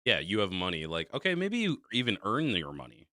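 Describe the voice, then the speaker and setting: A man's voice: fairly low pitch, huge pitch swings, brisk, sharp tone, no echo. A middle-aged man hosting a podcast, chatting casually in a profane, laid-back way and laughing often. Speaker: podcast host. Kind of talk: casual chat.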